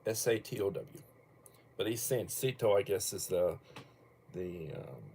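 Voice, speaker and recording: A man's voice: low voice, animated, unhurried, dark tone, slight background noise. An older man hosting a casual livestream from home, rambling bluntly and cursing casually between topics. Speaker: livestream host.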